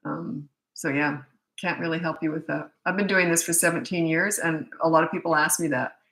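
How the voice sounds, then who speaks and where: A middle-aged woman parenting coach answers questions in a live Q&A. Her voice is lowish and very bright, and her talk is blunt, candid and chatty. The room around her sounds echoey. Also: fairly even intonation, a little fast.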